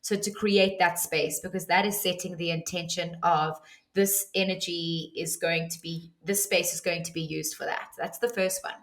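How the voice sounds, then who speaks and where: A woman's voice: on the low side, steady tone, normal speed, fairly bright tone. Earnest woman telling a vivid story. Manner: earnest, vivid retelling with restarts. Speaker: podcast guest, ceremony leader. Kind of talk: personal storytelling and advice.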